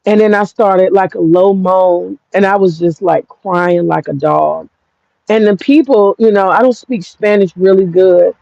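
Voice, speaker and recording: A woman's voice: medium pitch, steady tone, unhurried, gravelly, mellow, no echo, muffled recording. An American woman with an African American English accent, telling a personal story in a frank, profane, rambling vlog. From United States. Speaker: vlogger.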